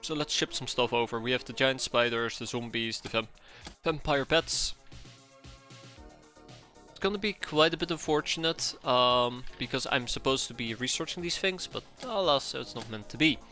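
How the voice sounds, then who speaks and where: A man's voice: medium pitch, normal speed, pushed and bright, faint music behind. A man streaming a strategy game, chatting casually and rambling upbeat with many ums and restarts. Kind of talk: casual let's-play commentary.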